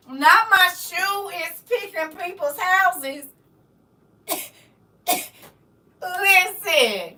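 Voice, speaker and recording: Middle-aged lady chatting on a livestream, high voice, slow and teasing, kinda far from the mic. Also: expressive, pushed and bright. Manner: playful teasing, laughs often. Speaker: livestream host reading chat. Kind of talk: casual live chat. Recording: distant from the mic.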